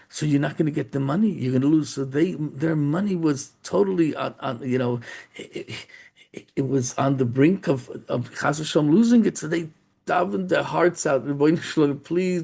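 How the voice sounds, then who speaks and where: A rabbi tells a story in a sermon in a gravelly, husky voice that sits a little high for a man. His tone is dark and mellow, and his delivery is halting, with many restarts and repeated words.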